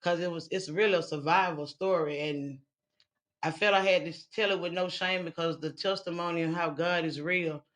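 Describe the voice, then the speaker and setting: A woman's voice: fairly low pitch, fairly even intonation, normal speed. Sex: woman. Style: blunt testimony. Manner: blunt, profane storytelling. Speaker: interview guest. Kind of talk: candid personal testimony.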